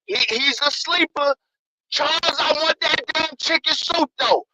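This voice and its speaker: Heated, high-voiced man ranting on a call. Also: unhurried, heavy background noise. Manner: profane, slangy and heated, repeats himself. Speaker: caller. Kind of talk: fired-up call-in rant.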